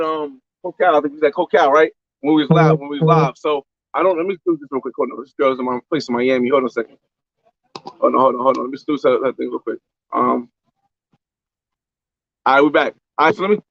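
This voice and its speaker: A young man live-streaming a casual travel vlog from a beach, talking loosely in slang and shouting out viewers on a handheld phone. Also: a little high, dry recording. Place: outdoors on a beach by a boat landing. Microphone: phone camera held by hand. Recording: slightly dull lo-fi phone audio.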